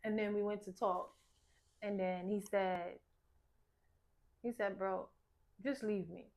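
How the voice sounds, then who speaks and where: A woman in casual chat, chiming in on a shared story and softly quoting her partner's words. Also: medium pitch, little pitch movement, slow pace, gravelly. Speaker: podcast co-host.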